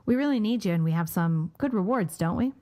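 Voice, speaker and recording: A woman's voice: medium pitch, fairly quick. Chatty woman podcast host. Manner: animated, laughs easily. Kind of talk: casual chat and joke telling.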